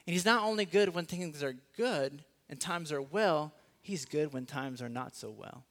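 Young guy from LA preaching, kinda chatty, slightly higher voice, goes quiet and slow on the big lines. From Los Angeles. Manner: slows and drops to a hushed voice on key phrases; conversational and self-deprecating. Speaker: guest preacher. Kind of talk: sermon.

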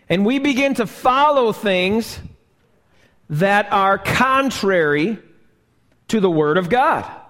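A male pastor preaches in a high voice at a slow, deliberate pace, putting rhetorical questions to his congregation. His words ring out with a long reverb through the church hall where he was recorded live. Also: very animated, a bit bright. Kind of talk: live sermon. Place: church sanctuary.

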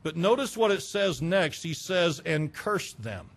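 A man preaching a sermon, fervent and emphatic, breaking into loud bursts. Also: on the high side, sing-song, measured pace, creaky.

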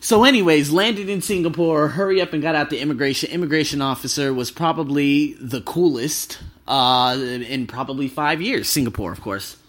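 A thirty-year-old man, a travel vlogger, telling stories casually and excitably, swearing freely. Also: fairly high pitch, moderate pace, few pauses. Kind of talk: casual storytelling.

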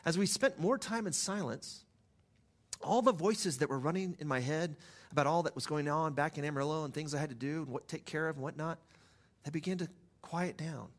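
Soft-spoken pastor, storytelling. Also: male voice, on the high side, a little fast. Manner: conversational storytelling, soft and hushed at times. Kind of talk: sermon.

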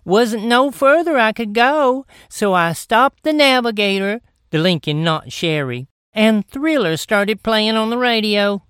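A woman spins a folksy comic yarn, stretching out the dramatic beats. Her voice is smooth and clear. It sounds dry, with no room echo. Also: on the high side, lively intonation, measured pace, fairly bright tone. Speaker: comic storyteller. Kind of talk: folksy comedic storytelling.

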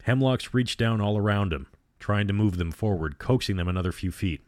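A man reading a novel aloud as a storyteller, measured and dramatic. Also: lowish voice, no echo, studio quality. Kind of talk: audiobook-style reading of a novel.

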